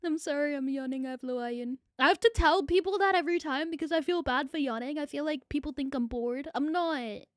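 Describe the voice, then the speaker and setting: A woman's voice: sits high, a little fast, hardly any pauses, no room sound, clean studio sound. A young woman, chatting casually on a livestream and answering viewer comments in a rambling way. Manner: chatty, rambling, repeats phrases, swears casually. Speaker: VTuber streamer.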